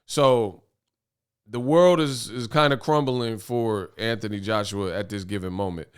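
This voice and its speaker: A man's voice: on the low side, a little slow, smooth. A man hosting a boxing commentary vlog, talking in an emphatic, rambling way and repeating his punchlines. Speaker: boxing commentary channel host.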